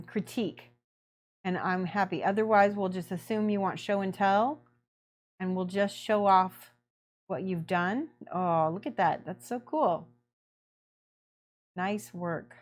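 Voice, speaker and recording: Chatty woman hosting a painting stream. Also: medium pitch. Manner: chatty, laughs often, greets viewers by name. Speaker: miniature painting livestream host. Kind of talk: casual livestream chat with viewers.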